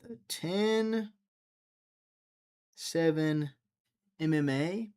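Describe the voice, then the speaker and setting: A man with a slightly high voice hosts a loose, casual livestream. He rambles and cracks jokes, talking straight to the viewers in his chat. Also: drawn-out words, a little mellow, clean tone. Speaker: livestream host.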